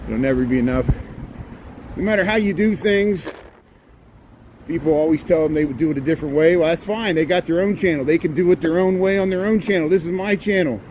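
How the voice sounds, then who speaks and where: Midwestern guy in his 40s, rambly folksy street livestream on his phone, loud city noise behind. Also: sits high, fast talker, low-quality recording. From Indiana. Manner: folksy, rambling, repeats "here" and "there". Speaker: livestream host. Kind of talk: walking livestream tour. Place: outdoors on a city street in light rain.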